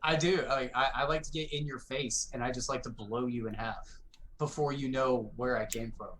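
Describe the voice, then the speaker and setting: A man being interviewed as a guest gamer, telling stories in an animated way and acting out the other players. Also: medium pitch, normal speed, rough recording. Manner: animated, acts out quoted players with shouts and laughs. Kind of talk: casual interview storytelling.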